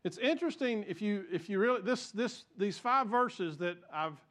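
Preaching at a normal speed, this pastor has a high, expressive, slightly bright voice. He keeps his sermon earnest and conversational, though he often breaks off and restarts his sentences.

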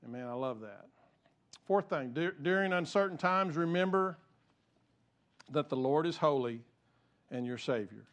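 High-voiced pastor preaching earnestly. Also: male voice, animated, unhurried, pauses often, a bit bright. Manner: earnest, conversational preaching with frequent restarts. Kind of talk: sermon.

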